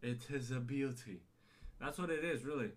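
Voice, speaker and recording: A man with a British-leaning accent that sometimes drifts American, hosting a casual solo podcast in an excitable, profane, rambling way full of restarts. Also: mid-range voice, normal speed, a little hiss or hum. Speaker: podcast host.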